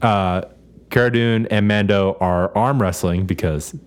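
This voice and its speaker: A man's voice: lowish voice, a little slow, clear, resonant tone. A man co-hosting a podcast, recapping a show in casual chat with crude jokes. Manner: crude joking recap, mock voices. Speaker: podcast co-host.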